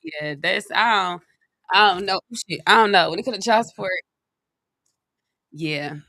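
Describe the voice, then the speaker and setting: A woman co-hosting a talk show, chatting in casual banter, blunt and joking with loud outbursts. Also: medium pitch, a little slow, gravelly. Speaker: show co-host.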